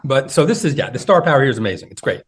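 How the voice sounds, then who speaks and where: A man's voice: mid-range voice, sing-song, rapid-fire, slightly rough. A man co-hosting a casual online chat over a video call, hesitant and full of ums and restarts. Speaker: co-host.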